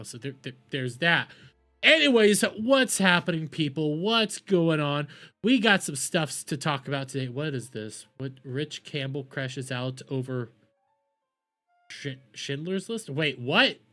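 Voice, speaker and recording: Bright-voiced rambling streamer man. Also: medium pitch. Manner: rambling, self-deprecating, trailing restarts. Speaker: streamer host. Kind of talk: casual live-stream chat.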